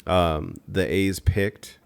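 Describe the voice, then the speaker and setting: A man's voice: low-pitched, fairly even intonation, drawn-out words, gravelly, clean tone. A man hosting a casual podcast chat, explaining things in a rambling, hesitant way with many fillers.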